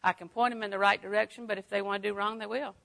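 An older woman teaching a Bible lesson in a folksy way, dropping to a hush and rising to exclaim. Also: mid-range voice, fairly even intonation, rapid-fire, gravelly. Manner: folksy, swings from hushed to exclaiming.

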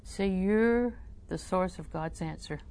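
A woman with a low, gravelly voice preaching a sermon. She tells a story and quotes scripture, asking her listeners questions along the way. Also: slow, darkish tone.

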